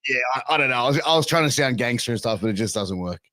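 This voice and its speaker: A young Australian man with an Australian accent, a guest on a casual podcast, chatting in a relaxed, slangy way. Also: mid-range voice, quick pace, no echo. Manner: laid-back, slangy, says "bro" and "man" a lot.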